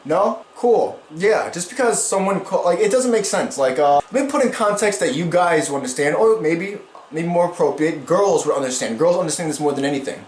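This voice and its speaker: A man's voice: on the high side, animated, fairly quick, slight background noise. A man talking as a YouTuber, rambling through commentary on online drama in slangy speech that swears a lot. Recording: roomy echo.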